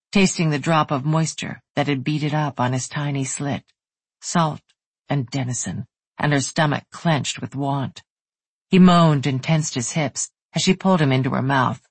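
An audiobook narrator giving a soft, unhurried, intimate reading of a romance novel. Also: medium pitch, slightly rough, no room sound.

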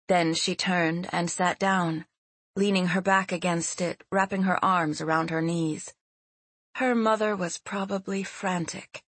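A woman reading a fantasy novel aloud as an audiobook narrator, in a measured and expressive storytelling manner. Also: lowish voice, dry recording.

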